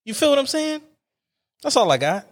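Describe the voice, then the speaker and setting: Animated ranting male podcast host. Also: normal speed. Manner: animated, exasperated ranting with big pitch swings. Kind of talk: casual solo podcast monologue.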